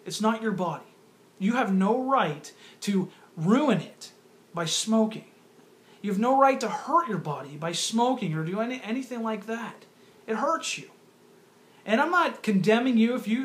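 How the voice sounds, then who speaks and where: Young guy, pretty high voice, earnest youth talk, keeps repeating his points. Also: fairly bright tone. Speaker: youth ministry speaker. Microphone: phone or webcam camera.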